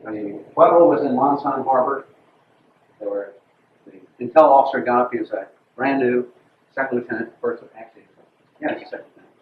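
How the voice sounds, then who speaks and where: An older retired officer tells a blunt, dry war story to a squadron. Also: male voice, medium pitch. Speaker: retired Air Force colonel recounting a mission. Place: large room with an audience. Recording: distant, roomy, phone-like with faint noise.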